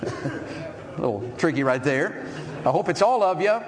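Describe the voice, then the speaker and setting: Folksy preacher in a reverberant hall. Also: male voice, a little high, lively intonation, a little slow. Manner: folksy, asks the crowd questions. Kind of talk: sermon.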